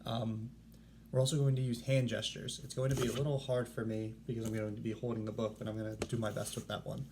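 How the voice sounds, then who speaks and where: A man's voice: fairly low pitch, level tone, quick pace, background noise. A male teacher giving a read-aloud lesson to children, speaking in an encouraging, upbeat way.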